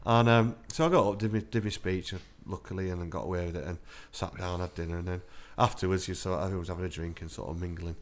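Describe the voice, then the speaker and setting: A man tells war-veteran anecdotes in a relaxed interview, chatty and quick. His voice sits on the low side, and he laughs through his stories. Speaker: army veteran guest. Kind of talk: casual storytelling interview.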